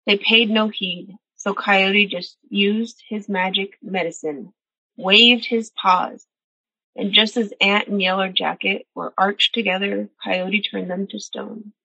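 A woman's voice: medium pitch, fairly even intonation, slow pace, gravelly, pushed and bright, breathy edge, no echo. A woman storyteller reading a traditional animal tale aloud and reflecting earnestly on its lessons. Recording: dull, dry recording.

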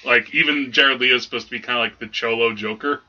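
A man's voice: mid-range voice, fairly even intonation, fast talker, bright, forceful tone. A man co-hosting a casual movie review podcast, rambling with lots of restarts and fillers. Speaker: podcast co-host. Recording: dull lo-fi recording.

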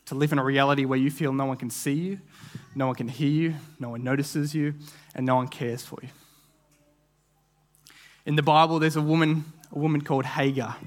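A man's voice: medium pitch, steady tone, fairly quick, long pauses. A young man preaching a sermon, telling a vivid story with frequent restarts and repeated words. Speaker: guest preacher.

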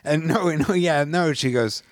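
A man's voice: a little high, measured pace, no room sound, clean studio sound. A man co-hosting a podcast, chatting casually with wry, sarcastic asides. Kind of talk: casual chat.

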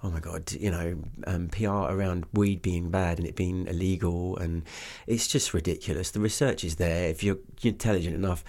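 A man with an English accent, a business owner appearing as a guest, talks casually in a low, steady, slightly mellow voice at normal speed with few pauses. His conversation rambles, full of fillers and restarts.

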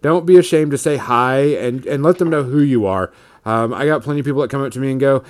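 A man hosting a podcast in a relaxed, joking way, swearing now and then over closing music. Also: medium pitch, quick pace. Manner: loose, joking, swears casually. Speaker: podcast host. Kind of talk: casual chat. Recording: music playing behind.

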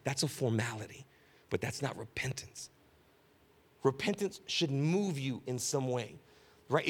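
A man preaching a conversational sermon as pastor, joking with the congregation and repeating key phrases for emphasis. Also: a little high. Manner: casual, joking, keeps asking "right?".

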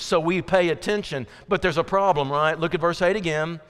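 A man's voice: fairly high pitch, expressive, moderate pace, fairly bright tone, clear, resonant tone, big-room sound. A man preaching a sermon in a conversational, emphatic way, full of rhetorical questions. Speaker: pastor.

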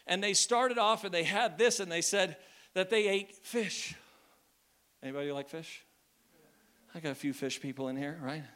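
A man's voice: sits high, moderate pace, pauses often, sharp tone. A man in his thirties preaching a sermon to a church, talking casually and joking with the congregation. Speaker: pastor. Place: church hall.

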